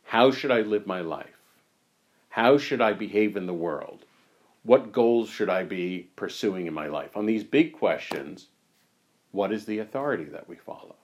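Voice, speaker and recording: A man leading a reflective discussion on spiritual teachings, thoughtful and unhurried, his voice going hoarse. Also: on the low side, expressive. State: losing his voice. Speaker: discussion leader.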